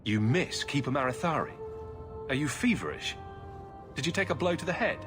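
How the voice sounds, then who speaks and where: An actor playing a sarcastic male mage hero in a game, tossing off deadpan quips. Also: on the high side, moderate pace, over music, natural voice.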